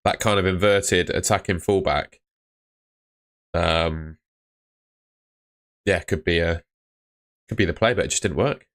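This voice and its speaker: A young man with a low-pitched voice talks through a live stream. His tone is relaxed and chatty as he answers viewer comments one after another. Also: a little slow, pauses often. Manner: chatty, reads out chat comments. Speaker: fantasy football streamer. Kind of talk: casual live stream chat.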